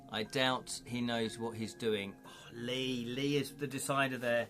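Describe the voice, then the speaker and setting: A chatty man running a live-streamed story game, narrating in a mid-range voice and bantering jovially with his viewers. His delivery is relaxed and conversational. Faint music plays softly behind him. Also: medium pitch, normal speed. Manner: jovial, chatty, reads chat aloud. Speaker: streamer running an interactive gamebook.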